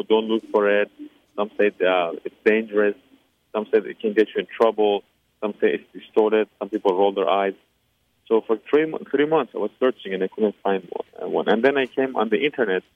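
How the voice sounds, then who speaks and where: A man's voice: lowish voice, dry recording. A man from Iran, giving an earnest personal faith testimony in an interview, with frequent hesitations and fillers. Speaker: interview guest. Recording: tinny phone-line sound, dry.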